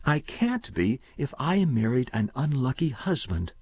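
A man voicing a weary mother who speaks slowly and bitterly, his voice lifted a little. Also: medium pitch, sing-song, breathy edge, no room sound, highs cut off, full character voice. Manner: slow and bitter.

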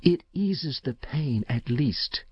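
A man voicing a frail, frightened woman, a desperate mother who speaks in a hushed, dreamy, sobbing way. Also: a little high, expressive, takes it slowly, dry recording, dull audio, pitched above the performer's own voice.

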